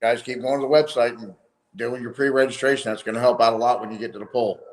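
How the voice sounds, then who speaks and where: A man's voice: medium pitch, fairly even intonation, fast talker. A man who organizes an event, a guest on a live stream, explaining things plainly and step by step.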